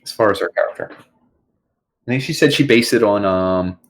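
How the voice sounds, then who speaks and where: A young adult man co-hosting a casual podcast, talking in an animated way and slipping into quick put-on voices. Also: lowish voice. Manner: animated, quotes movie lines in put-on voices. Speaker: podcast co-host. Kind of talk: casual chat.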